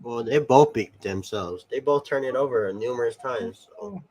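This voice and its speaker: A man's voice: mid-range voice, normal speed, darkish tone. A man co-hosting a casual live stream, asking rambling questions full of hesitations. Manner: rambling, hesitant, lots of fillers. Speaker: co-host.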